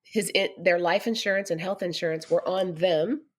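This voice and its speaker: A woman's voice: on the low side, normal speed. A middle-aged woman, a podcast guest, telling personal stories candidly and animatedly, laughing often as she talks. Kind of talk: candid conversational storytelling.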